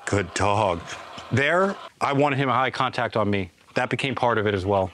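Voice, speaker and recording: Man, dog trainer, calm explaining, mid pitch, faint background noise. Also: a little fast.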